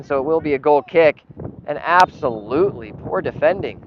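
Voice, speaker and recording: A man's voice: on the high side, lively intonation, normal speed. Frustrated man calling his club's match. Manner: frustrated, bursts into yelling at bad calls. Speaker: club's live stream commentator. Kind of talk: partisan play-by-play commentary. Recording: dull lo-fi live stream audio with noise.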